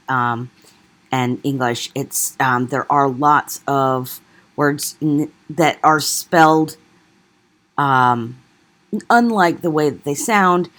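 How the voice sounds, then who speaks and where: A woman teacher explaining a reading to her class, often checking in with "right?" and pausing on fillers. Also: extremely low pitch. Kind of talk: classroom lecture.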